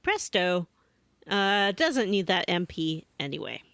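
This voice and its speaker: A woman co-hosting a casual gaming podcast, telling her playthrough as an animated storyteller who slips into mock voices for the characters. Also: on the low side, slow pace, no echo. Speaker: podcast co-host.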